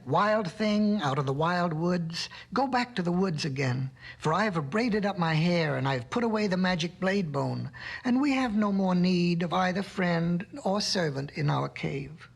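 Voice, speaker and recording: A man voicing a wise, firm cave woman who speaks in calm, measured phrases, from a restored vinyl storybook record. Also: sits high, gravelly, heavily acted.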